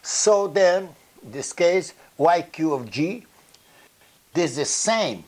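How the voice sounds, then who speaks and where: Slow, halting man lecturing on math. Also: fairly high pitch, lively intonation, darkish tone. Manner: halting, repeats words, checks in with "okay?" and "you see". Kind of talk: blackboard lecture.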